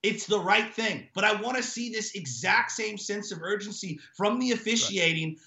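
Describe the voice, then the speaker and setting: A man with a high, gravelly voice rants on a sports talk show, emphatic and indignant, piling point on point. His tone is bright and edgy, and the sound bounces around an echoey room. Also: expressive, moderate pace.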